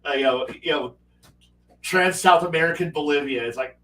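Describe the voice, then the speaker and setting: A livestream host with a fairly high, fairly bright voice speaks at a moderate pace, chatting casually about strategy games. He rambles, restarts often and acts out quotes. The recording sounds roomy, as if the mic were far away.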